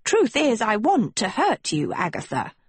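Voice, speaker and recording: Storybook hag-witch, young girl at heart, sweet and pleading; a woman reads her, high and husky. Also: wildly swooping pitch, measured pace, dry recording, full character voice. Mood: wistful. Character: young witch girl turned withered hag, wistful and menacing.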